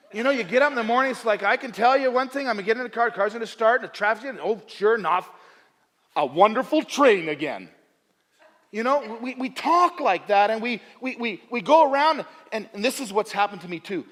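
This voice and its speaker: A male pastor preaching a sermon with humor at his own expense, moving between soft asides and loud emphatic bursts and often repeating his phrases. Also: high-pitched, expressive, a little fast, in a large hall. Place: church sanctuary.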